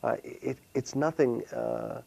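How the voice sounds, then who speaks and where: A man, a solo performer, answering interview questions in a casual, halting way, full of fillers and restarts. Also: medium pitch, fairly even intonation, creaky, mellow, rough recording. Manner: hesitant, many fillers and restarts.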